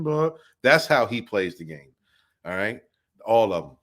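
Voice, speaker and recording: A man's voice: mid-range voice, sing-song, moderate pace. A man hosting a casual livestream podcast, chatting nonstop, rambling and greeting viewers in the chat by name.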